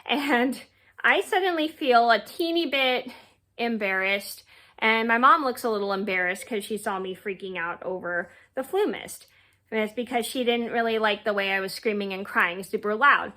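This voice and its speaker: A woman's voice: on the high side, moderate pace, bright, forceful tone. A young woman telling a personal story to her viewers, rambling casually with many fillers and restarts. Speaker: vlogger.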